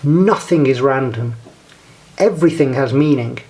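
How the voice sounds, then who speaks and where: A man presenting a scripted instructional talk, speaking in a measured, deliberate way and guiding the listener step by step. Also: mid-range voice, darkish tone.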